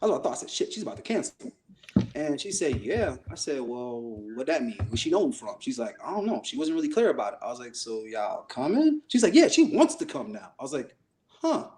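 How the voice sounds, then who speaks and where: A man on a podcast tells a story in casual chat, and his pitch swings widely as he goes. He acts out each quoted line and curses without holding back. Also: fast talker, crowd noise. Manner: animated, acts out quoted voices, swears freely. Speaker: podcast co-host.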